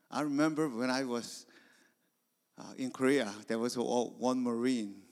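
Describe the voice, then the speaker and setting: A man preaching a sermon, telling stories that swing from hushed whispers to loud emphasis. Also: medium pitch, steady tone, measured pace, gravelly. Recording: long hall reverb.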